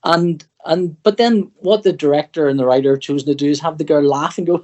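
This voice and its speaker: A Northern Irish man chatting as a podcast guest, rambling and animated as he retells film scenes. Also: a little high, brisk, few pauses. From Northern Ireland. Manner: animated, rambling storyteller who puts on voices when retelling scenes. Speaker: guest, comic artist. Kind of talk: casual podcast chat.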